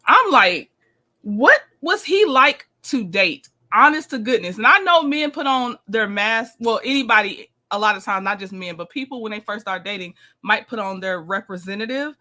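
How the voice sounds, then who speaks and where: A woman's voice: mid-range voice, lively intonation, brisk, few pauses, bright, forceful tone. A woman hosting a casual livestream, chatting with viewers and reading text messages aloud. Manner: chatty, talks to viewers, reads texts aloud. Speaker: livestream host. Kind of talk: casual live commentary.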